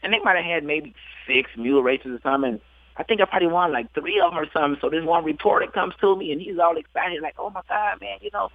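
A man's voice: a little high, quick pace, dry recording. A man being interviewed as a jockey, telling stories with frequent laughter and acted-out quotes. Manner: laughing, animated storyteller acting out quotes. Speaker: jockey guest. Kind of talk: storytelling interview. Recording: dry tinny phone line.

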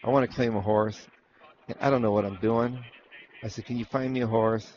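A man's voice: lowish voice, fairly even intonation, a little fast, a little mellow, lo-fi sound, a little hiss or hum. A man telling rambling stories from his years training racehorses, acting out other people's lines and restarting his sentences often. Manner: rambling anecdotes with acted-out quotes and restarts. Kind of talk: casual storytelling interview.

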